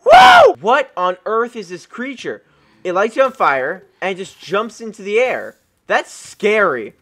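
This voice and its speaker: A man giving excited gameplay commentary as a gaming YouTuber, often exclaiming and shrieking in surprise, recorded at a home desk microphone. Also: sits high, a little slow, very noisy.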